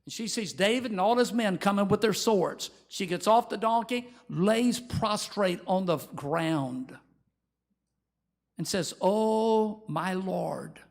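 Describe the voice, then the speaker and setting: A man preaching a sermon as pastor, telling Bible stories in an animated way and acting out the voices of the people in them. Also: sits high, a little slow.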